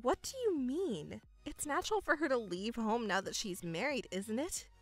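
A woman voicing a calm, cold young stepdaughter in a dramatized story, speaking in a measured, coolly firm way. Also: fairly high pitch, dry recording, soft background music. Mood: composed.

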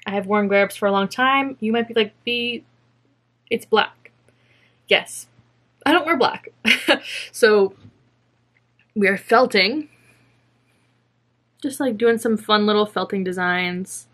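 A woman's voice: medium pitch, slow pace, pauses often, a bit bright. A young woman chatting casually to camera about her spinning and felting projects, rambling and self-mocking, now and then slipping into silly voices. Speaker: fiber craft podcaster.

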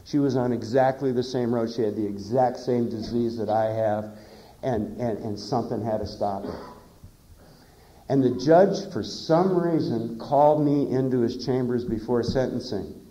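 A man's voice: medium pitch, moderate pace, mellow. A middle-aged man giving a plain-spoken, earnest personal testimony at a recovery meeting. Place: conference hall. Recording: echoey dull conference tape.

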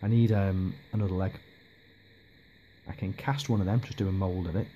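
Guy rambling about his hobby, low voice, lots of ums, faint noise behind. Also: fairly even intonation, moderate pace, highs cut off. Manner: hesitant, lots of ums and restarts. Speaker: miniature hobby vlogger. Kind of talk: casual rambling update.

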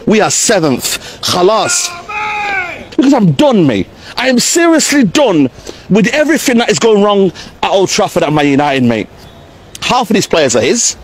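High-voiced ranting football fan outdoors. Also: male voice, breathy edge. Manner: exasperated, slang-heavy ranting. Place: outdoors in the rain.

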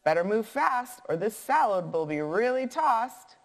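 A woman's voice: a little high, sing-song, unhurried, pitched above the performer's own voice. A woman voicing a cheerful, easygoing husband who jokes while serving food, in an echoey room. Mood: jovial. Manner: jovial, breezy, joking.

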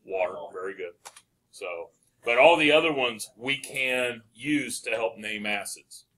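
Male chemistry teacher, bright tone, quizzes the class and praises answers. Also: mid-range voice, unhurried. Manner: asks questions and answers them himself, encouraging. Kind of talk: classroom lecture.

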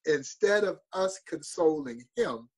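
A man's voice: fairly high pitch, expressive, a little slow, slightly rough. A middle-aged man, a museum president, telling an emotional story in an interview with earnest intensity. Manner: earnest, building to emotional peaks.

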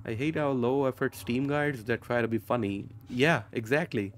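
A man's voice: medium pitch, normal speed, a little hiss or hum. A young man from Pakistan, chatting casually and rambling on a live stream while gaming, swearing and joking often. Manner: rambling, profane, jokey, laughs often.

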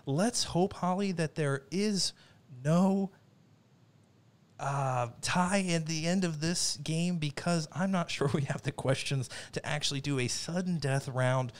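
A man's voice: a little high, a little slow. A man hosting a trivia game in a playful mock-formal announcer manner. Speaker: trivia game show host.

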